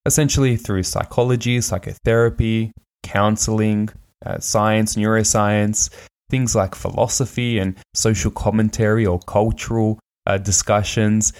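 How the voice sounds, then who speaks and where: A man's voice: fairly low pitch, flat delivery, measured pace, darkish tone, clear, resonant tone. A man hosting his own podcast in a casual, candid monologue with frequent fillers. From Australia. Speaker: podcast host.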